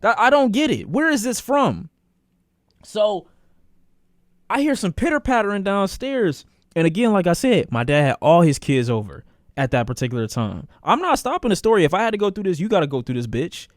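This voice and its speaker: Male streamer, animated profane storyteller, high and swinging pitch, dry booth-like sound. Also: a little fast, no room sound. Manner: repeats phrases for emphasis. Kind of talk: casual storytime on a live stream.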